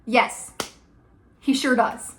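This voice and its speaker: Woman vlogger, fairly high voice, emphatic casual rant, filler-heavy. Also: normal speed, a bit bright, slight background noise. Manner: emphatic, rants with many "like" and "okay?". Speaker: vlogger reviewing a TV adaptation. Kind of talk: casual opinionated commentary.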